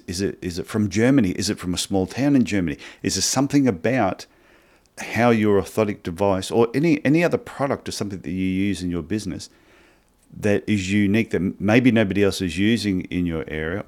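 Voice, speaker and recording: Australian man telling lively anecdotes. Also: on the low side, a little fast. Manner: animated anecdotes, acts out dialogue. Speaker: podcast co-host. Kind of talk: casual podcast chat, storytelling.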